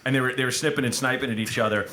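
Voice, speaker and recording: A man hosting a live podcast onstage, rambling and stumbling over his words, quick to laugh. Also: mid-range voice, steady tone, bright, forceful tone, roomy sound. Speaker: podcast host. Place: stage at a comedy festival.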